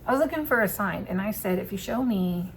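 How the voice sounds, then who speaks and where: A woman telling a personal story to camera in a casual vlog, candid and quick to swear and laugh. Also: medium pitch, animated, vocal fry, slight background noise. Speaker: vlogger.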